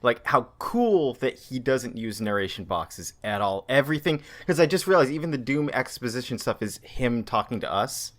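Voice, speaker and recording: A man on a podcast whose pitch swings widely as he talks about comics. He stresses his points with eager emphasis. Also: lively intonation, normal speed, few pauses. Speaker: podcast co-host. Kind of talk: casual comic book discussion.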